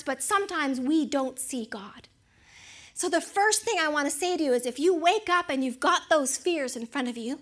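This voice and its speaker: A woman's voice: sits high, expressive, moderate pace, fairly bright tone. A woman preaching a sermon, retelling a story with acted-out voices and questions to the audience.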